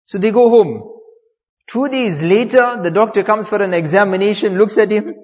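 A man's voice: sits high, moderate pace, a little mellow, big-room sound, dull audio. A man preaching, telling a story in a sermon, repeating phrases and using Arabic religious terms.

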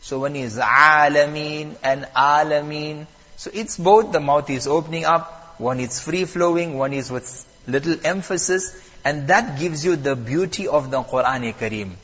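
Man, patient recitation teacher, slightly high husky voice, dull lo-fi sound. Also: moderate pace, long reverb tail. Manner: calm, patient teacher who stresses and repeats key points. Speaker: mosque teacher of Quran recitation. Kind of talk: lesson on Quran recitation rules.

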